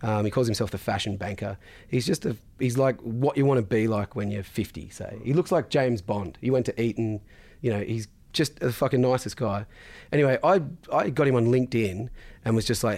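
Aussie guy talking quick, swears a lot, blunt and animated, mid-pitch voice. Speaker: podcast guest, business founder. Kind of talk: casual interview chat.

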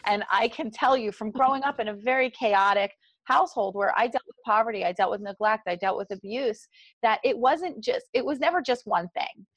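Animated South Jersey woman, dry sound. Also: fairly high pitch, a little fast, dry recording. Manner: earnest and animated, talks through examples. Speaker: meditation guide, guest. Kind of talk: podcast interview.

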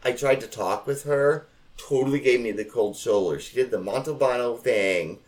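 A man's voice: mid-range voice, moderate pace. A man telling a family story in casual chat, swearing and mimicking relatives.

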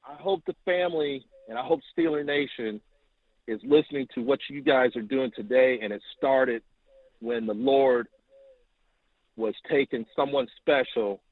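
A man calling in to tell a long story, animated and acting out quotes, heard over the phone. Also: unhurried, no echo. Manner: animated, acts out quotes with rising pitch. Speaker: caller. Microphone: telephone. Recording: tinny phone line.

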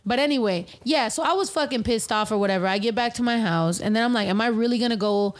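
Young woman, high-ish voice, swearing a lot, telling a wild story to friends. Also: quick pace. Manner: profane, animated storytelling. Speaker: podcast host and rapper. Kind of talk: casual storytelling chat.

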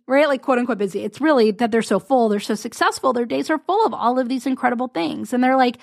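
Chatty woman podcast host and business coach, pitched a bit high, rambly asides, dry close mic. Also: fast talker, creaky, few pauses, no room sound. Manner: chatty, rambling, self-interrupting with little laughs. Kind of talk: casual solo podcast talk.

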